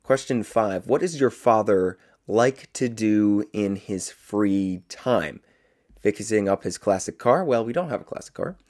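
Chatty young man, low-pitched voice. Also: darkish tone. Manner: chatty, rambling, self-amused with frequent fillers. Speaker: podcast host. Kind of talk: casual solo podcast chat.

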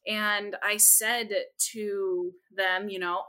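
A young adult woman, a speech therapist, telling stories in an animated, expressive way as a podcast guest. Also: mid-range voice, measured pace. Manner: animated, expressive, jumps into quoted voices. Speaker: speech-language pathologist guest. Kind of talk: lively storytelling in a podcast interview.

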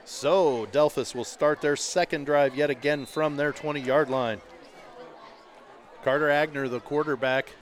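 A man doing play-by-play commentary for a local high school football radio broadcast, chatty and rising with excitement on big plays. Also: measured pace, a faint crowd. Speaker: play-by-play announcer. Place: outdoor stadium broadcast booth.

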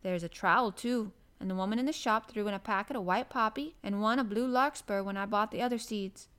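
A woman's voice: mid-range voice, brisk, fairly bright tone, clear, resonant tone, lightly acted. A woman voicing a friendly young country boy from the moors, speaking broad in an easy, cheerful way. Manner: broad dialect, cheerful and easygoing.

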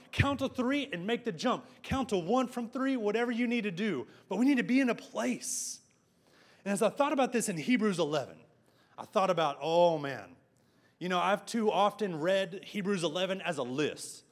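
A middle-aged pastor preaches a sermon. He tells personal stories and slips in self-deprecating asides. His voice sits a little above the usual male pitch. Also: fairly bright tone.

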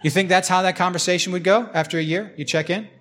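A man's voice: sits high, steady tone, fast, fairly bright tone. A man preaching a conversational sermon as pastor, slipping into imagined voices as he talks.

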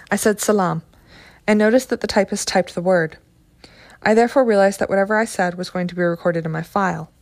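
A woman reading a scripted documentary narration in a measured, sober way, including quoted testimony. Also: mid-range voice, darkish tone.

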